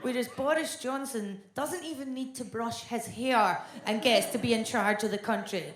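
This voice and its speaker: A woman in her thirties with a Scottish accent, performing a stand-up comedy set with a blunt, deadpan delivery on a theatre stage. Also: fairly high pitch, moderate pace, a little hiss or hum. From Scotland. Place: large theatre stage before a live audience. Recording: echoey live venue with audience laughter.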